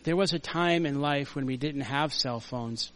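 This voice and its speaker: An older man preaching a conversational sermon in a church, earnest and story-driven, dropping to quiet asides and rising to loud emphasis. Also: medium pitch, moderate pace. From United States. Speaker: pastor. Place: church sanctuary.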